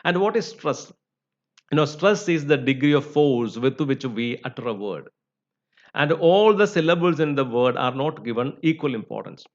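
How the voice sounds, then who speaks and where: A man's voice: medium pitch, animated, moderate pace. A man teaching English phonetics, with many "you know" and "uh" fillers. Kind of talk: lecture. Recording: slightly dull recording.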